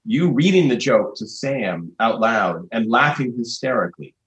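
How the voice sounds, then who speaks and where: A man's voice: medium pitch, lively intonation, moderate pace, fairly bright tone. A man co-hosting a podcast, teasing the others with wry, casual banter. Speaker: podcast co-host. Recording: roomy room sound.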